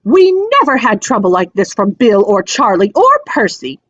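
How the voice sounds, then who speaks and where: A woman reading aloud and voicing a fierce middle-aged mother witch who scolds her sons in a shrill tirade. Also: huge pitch swings, normal speed, far from the mic. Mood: furious. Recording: dry, dull lo-fi sound.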